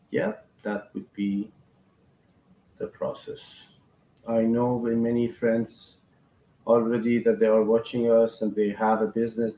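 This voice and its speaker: A man's voice: on the low side, slight background noise. A man hosting a live stream, inviting viewers to join and talk. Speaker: host. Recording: echoey, muffled stream audio.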